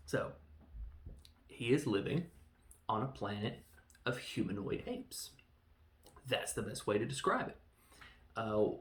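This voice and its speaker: A man hosting a casual film review, excitable and rambling, acting out scenes in quick voices. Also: on the low side, gravelly, reverberant. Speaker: podcast host reviewing a film.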